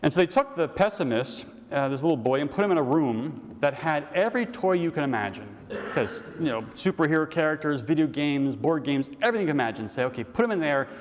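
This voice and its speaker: A man's voice: a little high, expressive, fast, a little hiss or hum. A middle-aged man, an Orthodox priest, giving a conference talk and answering questions, telling stories in a folksy way with fillers. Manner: folksy storyteller, many fillers. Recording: reverberant hall.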